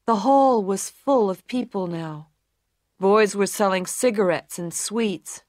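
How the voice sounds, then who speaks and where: A woman narrating a graded English story for learners, reading in a slow, clear and deliberate way. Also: mid-range voice, darkish tone, no room sound, clean studio sound.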